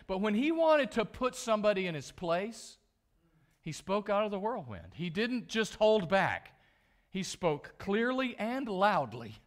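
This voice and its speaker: Man, high voice, church sermon, pastor, reads scripture then explains it, emphatic. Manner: emphatic, with loud stressed words and asides.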